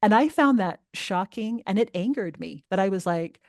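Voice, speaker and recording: A middle-aged woman guest on a parenting interview, speaking earnestly and emphatically, growing animated when upset. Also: mid-range voice, moderate pace, dry recording, studio quality. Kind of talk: podcast interview.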